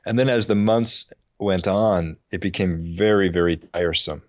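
A middle-aged man on a faith podcast, telling a personal story in an earnest, halting way and getting choked up. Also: low voice, no room sound, highs cut off. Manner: earnest, halting, with frequent restarts. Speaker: podcast co-host.

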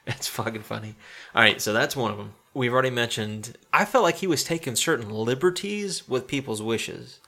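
A man in his forties with a gravelly yet bright voice chats casually about a movie. He laughs often, curses freely, and slips into quoted lines as he tells it. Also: mid-range voice, moderate pace. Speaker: podcast co-host. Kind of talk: casual movie review chat.

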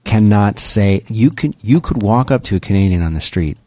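A man's voice: lowish voice, animated, normal speed, dark tone, dry recording. Man, podcast co-host, rambling casual chat, dry sound. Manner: chatty, rambling, self-interrupting.

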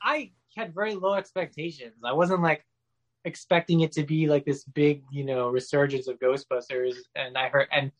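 A man's voice: a little high, fairly even intonation, moderate pace. A man ranting in casual podcast chat, profane and exasperated, often restarting his sentences. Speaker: podcast co-host or guest.

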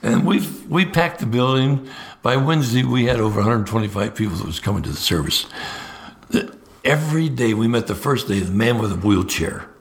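Older man telling lively stories. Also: brisk, gravelly. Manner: lively storyteller, swings into high voices for quotes; repeats words when starting sentences. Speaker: evangelist guest. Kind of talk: storytelling in a podcast interview.

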